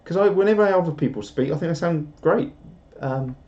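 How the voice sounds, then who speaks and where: A man's voice: fairly high pitch, lively intonation, fast, mellow. A man chatting casually on a live stream, rambling and self-deprecating as he reads out viewer comments. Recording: dull lo-fi stream audio.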